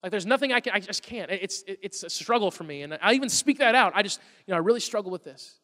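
Middle-aged pastor guy, pretty high voice, chatty preaching that swells up loud, hall echo. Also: lively intonation, fast. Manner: conversational preaching, rising to emphatic bursts. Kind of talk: sermon. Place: church hall. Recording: live sermon with long hall reverb.

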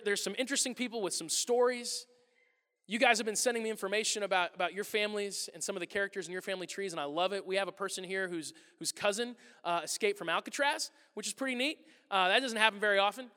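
Animated man preaching in a hall. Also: sits high. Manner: animated storytelling, acting out exchanges with loud bursts. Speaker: pastor. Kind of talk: sermon. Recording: long reverb of a large hall.

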